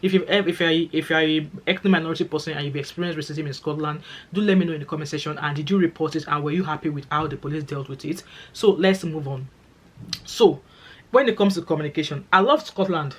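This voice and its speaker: Woman, middle-aged, quick talker, chatty, emphatic, casual vlog to camera. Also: low voice. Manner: fast-talking, chatty, emphatic. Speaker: vlogger and nurse.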